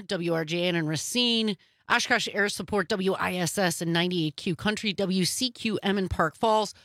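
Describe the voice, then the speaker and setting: Bright, chatty woman radio host. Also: medium pitch, dry recording, clean studio sound. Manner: chatty, animated storyteller. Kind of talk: casual talk radio.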